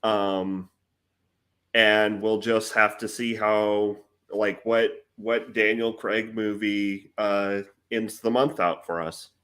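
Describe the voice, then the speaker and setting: A man with a low voice co-hosting a relaxed film podcast. He talks slowly and hesitantly, often restarting his sentences. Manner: slow, hesitant, many fillers and restarts. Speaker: podcast co-host. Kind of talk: casual film chat.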